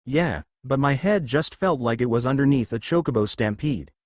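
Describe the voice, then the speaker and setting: A man's voice: medium pitch, lively intonation, normal speed, dry recording, studio quality, close to an everyday voice. A man voicing a cheeky, informal young male ninja in a storybook reading.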